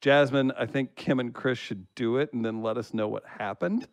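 Male host, mid pitch, relaxed and jokey, dry close recording. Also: moderate pace, no room sound. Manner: laughs often, easygoing. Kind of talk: casual chat, reading listener comments.

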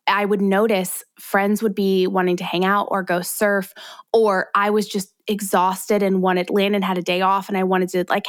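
A woman co-hosting a podcast, speaking in an earnest, encouraging way and filling her talk with "like." Her voice sits in a middle register. The sound is dry and close, with no room echo. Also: mid-range voice. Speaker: podcast co-host. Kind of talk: casual podcast chat.

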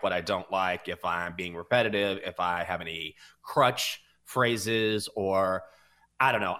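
Low-voiced Southern man hosting a podcast. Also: pushed and bright. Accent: Southern American. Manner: rambling, self-reflective, restarts often. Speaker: sports betting podcast host. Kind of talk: casual chat.

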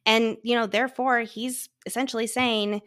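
A woman's voice: a little high, level tone, normal speed, a bit bright, no echo, clean studio sound. A young adult woman co-hosting a podcast, chatting casually about a book and laughing easily. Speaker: podcast co-host.

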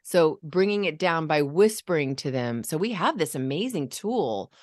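A woman with a low, grounded voice chats about parenting and shows listeners how to speak calmly to children. The sound is dry and close, with no room around it. Her delivery is relaxed and conversational. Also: normal speed, dry recording. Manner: demonstrates vocal registers and calm commands. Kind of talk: casual podcast conversation.

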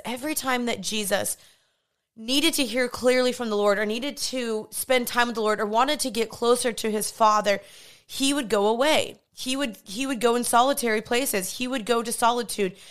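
A woman's voice: a little high, smooth. A young woman hosting a podcast, telling a personal story in a candid, chatty way and acting out what people said. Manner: candid, chatty, animated storytelling with acted-out quotes. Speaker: podcast host. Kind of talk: personal faith-based podcast monologue.

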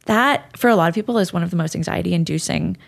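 A woman in her thirties chatting on a podcast in a slightly low voice. She rambles loosely, restarting sentences and leaning on fillers as she goes. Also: fast talker, vocal fry. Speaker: podcast co-host. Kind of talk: casual chat.

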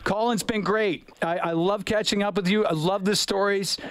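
A man's voice: high voice, fairly even intonation, normal speed, a crowd in the background. A man hosting a sports radio show, talking with enthusiastic emphasis.

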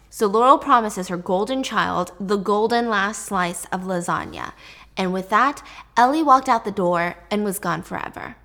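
A woman's voice: medium pitch, normal speed, sharp tone. A woman telling a true story in a casual, chatty way, swearing offhand and talking straight to the listener.

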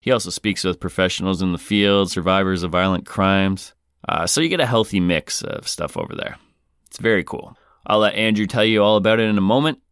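A man with a very low, smooth, resonant voice hosts a podcast and reads listener mail aloud. His delivery is wry and deadpan. The sound is dry and close, with no room around it. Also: a little fast, no room sound. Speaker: podcast host.

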